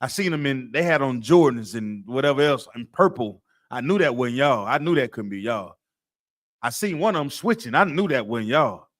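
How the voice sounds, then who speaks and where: Man putting on an old brother grumbling fondly, saying the same thing over and over, a bit quieter than usual. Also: mid-range voice, lively intonation, moderate pace, lightly acted. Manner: repetitive, insistent griping.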